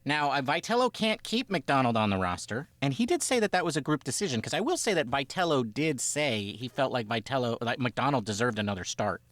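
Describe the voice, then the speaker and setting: A man co-hosting a casual sports podcast, rambling from point to point and acting out quotes. His voice swings widely in pitch, sitting in a middle register. The sound is dry and close. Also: brisk, few pauses, no echo. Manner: animated, rambling, acts out quotes. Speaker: podcast co-host.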